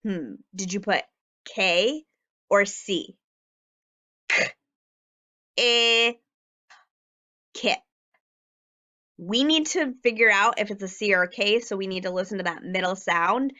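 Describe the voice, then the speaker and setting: A woman teacher with a bright, pushed, mid-range voice gives young children a phonics lesson. She sounds out the letters slowly and clearly.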